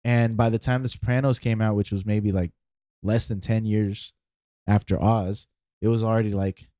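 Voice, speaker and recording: A man's voice: fairly low pitch, fairly even intonation, normal speed, warm tone, no echo, studio quality. A man co-hosting a podcast in casual chat, rambling with lots of fillers and repeating words as he thinks. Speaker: podcast co-host.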